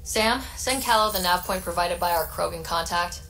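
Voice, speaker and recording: An actress voicing a young female expedition leader in a video game, giving orders in a crisp, commanding way. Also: on the low side, normal speed, pushed and bright, a little hiss or hum. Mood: brisk. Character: young human woman, expedition leader, brisk.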